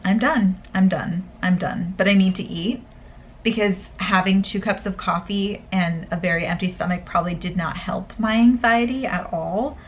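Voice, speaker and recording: A woman's voice: mid-range voice, moderate pace, highs cut off, a little hiss or hum. A woman vlogging casually to camera, drained and tearful after a stressful exam, rambling with many fillers.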